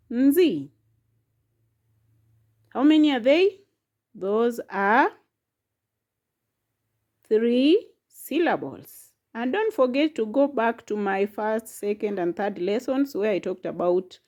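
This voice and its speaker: In a slow, patient classroom lesson, a woman teaches a language, repeating each word and sounding out its syllables one at a time. Her voice is mid-range and warm.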